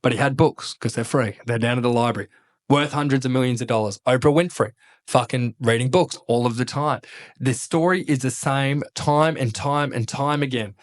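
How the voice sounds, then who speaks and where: An Australian man in the middle range of pitch tells stories as a podcast guest. He is blunt and swears freely. He talks in a casual, animated way, like a former soldier holding forth. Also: moderate pace. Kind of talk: casual conversational storytelling.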